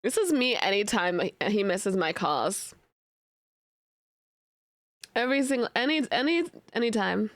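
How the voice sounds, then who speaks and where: A woman's voice: medium pitch, sing-song, measured pace, long pauses, dry recording, clean studio sound. A young woman streaming, chatting casually with her viewers in a playful way and often slipping into mock outrage. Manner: many fillers and restarts. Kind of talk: casual chat reacting to live chat.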